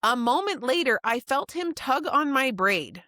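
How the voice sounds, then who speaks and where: Chatty woman podcaster reading her notes out loud, voice jumping all over, dry close mic. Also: sits high, a little slow, no echo. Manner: animated, reads her notes and acts out characters' lines. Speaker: podcast co-host. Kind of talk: casual book discussion.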